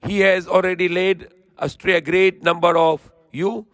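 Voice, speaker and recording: A man's voice: high-pitched, flat delivery, a bit bright, no echo. A man preaching, reciting verses and then translating and explaining them earnestly. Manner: rapid, fluent recitation. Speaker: Islamic preacher. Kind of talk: verse-by-verse Quran commentary.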